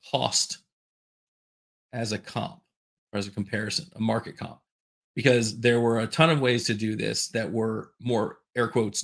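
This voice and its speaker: A man's voice: medium pitch, gravelly, fairly bright tone. A man hosting a podcast alone, talking candidly in a casual, self-deprecating way, with rambling asides. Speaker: podcast host. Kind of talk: casual solo podcast talk.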